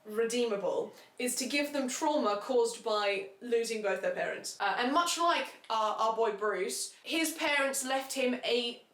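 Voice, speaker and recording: A sarcastic woman tears through a book plot in a comedic recap, tossing off asides as she goes. Her voice sits a little high and rings in an echoey room. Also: unhurried. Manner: sarcastic, animated storytelling with asides. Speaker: book reviewer.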